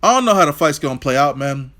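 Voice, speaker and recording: A man vlogging about an upcoming boxing fight in a loose, rambling way, full of swearing and trash talk. His voice sits a little high and has a sharp, forceful edge. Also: lively intonation, quick pace. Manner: profane, trash-talking, rambling. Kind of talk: casual fight-preview rant.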